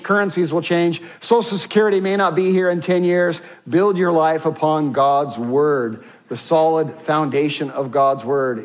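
Animated man preaching a sermon. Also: fairly high pitch, muffled recording. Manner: animated preaching, leads congregation in reading. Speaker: pastor.

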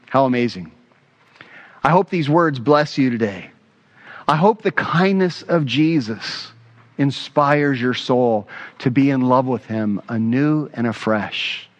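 A man preaching a sermon as pastor, earnest and emphatic, repeating his key phrases. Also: medium pitch.

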